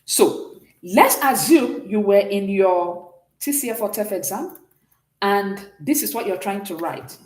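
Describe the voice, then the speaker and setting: Female language teacher, animated delivery in a roomy space, keeps asking if the class is following. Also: mid-range voice, a little slow. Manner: explanatory, checks understanding often. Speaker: French teacher. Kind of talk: classroom lesson.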